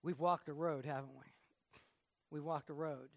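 A man's voice: fairly high pitch, fairly even intonation, normal speed, gravelly, dry recording, studio quality. A man preaching a sermon in a conversational way, often stopping to repeat his words. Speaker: pastor.

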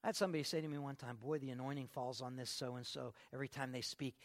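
Gravelly, emphatic preacher man. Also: mid-range voice, steady tone, fast. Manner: emphatic, swings from quiet to loud. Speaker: pastor. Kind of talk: sermon.

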